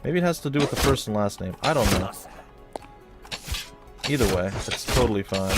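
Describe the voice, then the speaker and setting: A man with a fairly low voice gives casual, jokey commentary while playing a game, chatting to his viewers as guys and folks. Game music plays clearly underneath him. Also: brisk. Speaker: let's play host.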